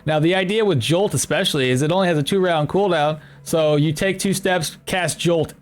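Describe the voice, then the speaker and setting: A man's voice: a little high, moderate pace. A young man casually commenting on his game for a live stream, reading chat aloud and rambling about builds.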